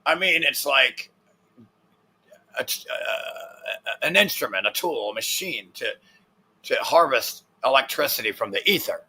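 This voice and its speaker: A man with a bright, forceful voice chats casually in a mid-range pitch. He is crude and mocking and swears freely. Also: expressive, measured pace, slightly rough. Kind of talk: casual chat.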